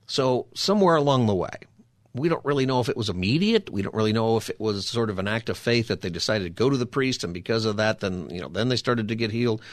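A man with a lowish, expressive voice talks fast, hosting a show where he gives a conversational Bible teaching. He explains scripture in an easy, chatty way, often tossing rhetorical "right?" and "you know?" asides to the listener. The recording is clean studio sound with no room sound.

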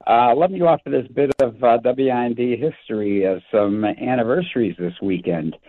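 Older male caller on a tinny phone line. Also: mid-range voice. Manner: friendly, recounting dates, halting with fillers. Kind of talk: call-in talk radio.

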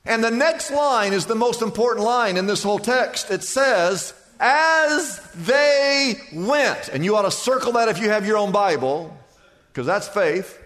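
High-voiced guy preaching, emphatic and chatty, lots of repeating, echoey church. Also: expressive, moderate pace, a bit bright. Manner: emphatic, conversational preaching with repetition. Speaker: pastor. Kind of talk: sermon. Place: church sanctuary. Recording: long church hall reverb.

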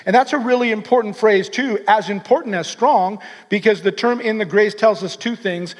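High-voiced man preaching in an echoing hall. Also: moderate pace. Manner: earnest, energetic preaching with frequent restarts. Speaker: pastor. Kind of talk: sermon.

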